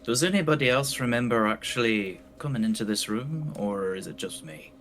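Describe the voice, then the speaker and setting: A man with a mid-range voice role-plays his character at the table. He sounds dry and slightly hesitant, pausing on uhs. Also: mid-range voice, lively intonation, a bit bright. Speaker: player.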